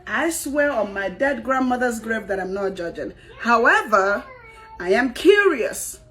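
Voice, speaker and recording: A woman's voice: a little high, lively intonation, unhurried, fairly bright tone. A woman giving dramatic reaction commentary, exclaiming and laughing as she talks.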